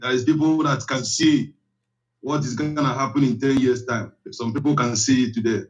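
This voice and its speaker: A man's voice: medium pitch, fairly even intonation, moderate pace. A man with a Nigerian Igbo accent, calling in and speaking with passion, mixing Igbo and English. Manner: impassioned, repetitive. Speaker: caller. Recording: muffled phone-in audio.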